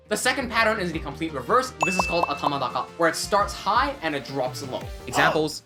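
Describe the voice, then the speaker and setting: A language teacher giving a scripted tutorial, explaining in a clear, methodical way. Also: medium pitch, animated, fast talker, hardly any pauses, pushed and bright, faint music behind.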